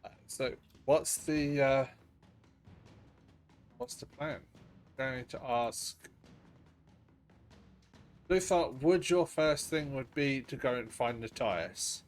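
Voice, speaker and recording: A man's voice: mid-range voice, slow pace, long pauses. A man narrating as dungeon master in a casual, laughing way that drops in swear words. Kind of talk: narrating a tabletop game. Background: faint ambient game music.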